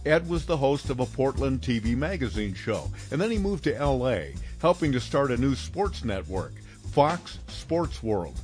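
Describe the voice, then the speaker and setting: A man hosting a podcast, reading a wry scripted introduction with lively delivery. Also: mid-range voice. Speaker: podcast host.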